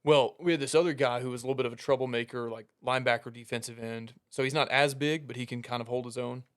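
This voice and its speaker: Man, young adult, casual storytelling, animated, laughs at punchlines, imitates coaches, podcast co-host. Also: medium pitch, fast, clean tone.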